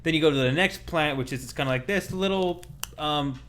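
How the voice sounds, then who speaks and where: A man's voice: on the high side, brisk, a bit bright. A man co-hosting a gaming podcast, talking casually and rambling with many fillers. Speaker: podcast co-host.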